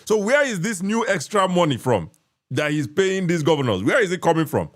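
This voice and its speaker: A man's voice: a little high, very animated, brisk. A man with a Nigerian accent hosting a casual podcast, reading viewer comments and asking pointed questions. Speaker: podcast host.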